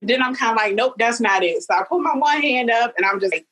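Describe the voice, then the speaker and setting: A woman in her thirties telling a personal story as a podcast guest, animated, with high leaps when she quotes people. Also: fast talker, poor audio. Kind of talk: storytelling in casual chat.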